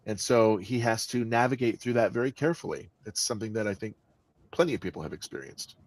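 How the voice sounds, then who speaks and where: A man speaking as the guest author in an interview, with an expressive delivery that stresses words and often restarts his sentences. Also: lowish voice, quick pace, no room sound. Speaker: guest author and audiobook narrator. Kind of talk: conversational interview answers.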